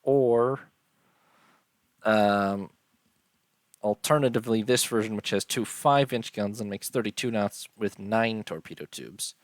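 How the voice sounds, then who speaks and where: A man giving casual, unhurried commentary on a strategy game, tired and yawning, filling pauses with ums and uhs. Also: on the low side, dry recording. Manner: unhurried, listing details with many ums and uhs. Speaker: strategy game let's-player.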